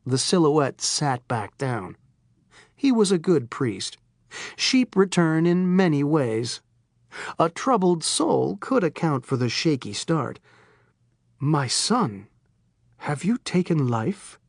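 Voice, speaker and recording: A woman narrating an audiobook in a low, deadpan delivery. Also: slow, gravelly, no room sound, studio quality. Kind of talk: scripted narration.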